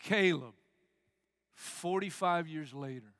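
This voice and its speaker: A man's voice: fairly high pitch, slow pace, clean tone, dry recording, studio quality. A man preaching a sermon as pastor, telling stories with energy and acting out the quoted lines. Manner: animated storytelling, acts out quotes.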